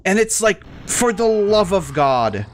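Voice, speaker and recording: A gaming streamer rants heatedly in casual talk while playing a game, exasperated and swearing heavily, with stammering restarts. His voice sits high with big pitch swings at a measured pace, over slight background noise.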